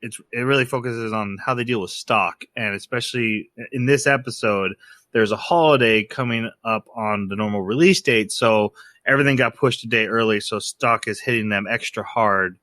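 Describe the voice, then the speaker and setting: A man's voice: on the low side, moderate pace, no echo. A man hosting a podcast, casually recapping an episode and acting out the characters' lines in raised voices. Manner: animated recapping, acts out quotes in raised voices. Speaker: podcast host.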